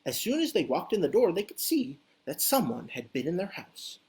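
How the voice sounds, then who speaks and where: Woman, low voice, lively pitch, expressive children's story reading. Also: normal speed, hardly any pauses.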